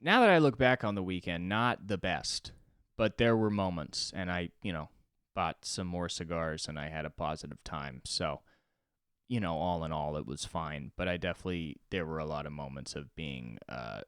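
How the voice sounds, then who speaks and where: Deep-voiced young guy ranting solo on his comedy podcast, cusses a lot, gets loud then mumbles, clean dry sound. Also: normal speed, clear, resonant tone, dry recording. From Los Angeles. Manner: rambling and profane, swings between loud outbursts and mumbling.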